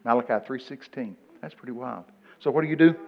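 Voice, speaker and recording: Folksy older preacher, muffled. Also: male voice, mid-range voice, a little fast, creaky. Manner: folksy storytelling, bursts of loud excitement. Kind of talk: folksy sermon. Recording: muffled lo-fi recording.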